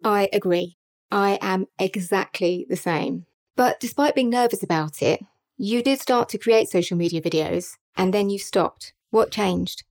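A woman from the north of England, raised in Kent, hosting a podcast in an upbeat, clear manner. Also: mid-range voice, measured pace, a little mellow. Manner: upbeat, clear scripted intro. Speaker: podcast host.

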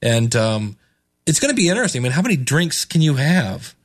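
A man's voice: mid-range voice, sing-song, fairly quick. Rambling, chuckling male podcast host. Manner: rambling, many restarts and chuckles. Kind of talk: casual chat.

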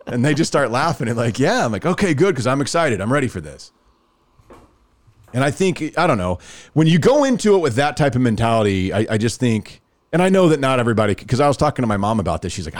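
A man chats on a podcast and tells a story with a lively, swinging pitch. He slips into the voices of the people he quotes, and his voice sits at a middle pitch. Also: fairly quick. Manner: animated, acts out quoted dialogue. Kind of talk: casual storytelling chat.

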